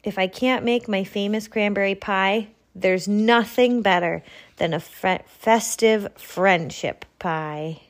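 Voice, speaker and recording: A woman voicing a kind, generous female porcupine in a storybook, in a bright, friendly, lilting voice. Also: mid-range voice, slow pace.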